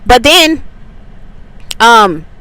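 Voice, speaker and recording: Bright-voiced woman telling a story. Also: a little high, sing-song, very slow, smooth, no echo, rough recording. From Atlanta, USA. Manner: chatty storytelling with many likes and ums. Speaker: faith channel host. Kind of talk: casual spiritual testimony.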